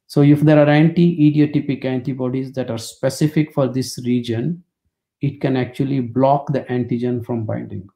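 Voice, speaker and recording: Older man, warm gravelly lecturer, dry anecdotal humor, webinar call mic. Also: mid-range voice, fairly even intonation, normal speed. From India. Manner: anecdotal, wry storytelling with dry jokes.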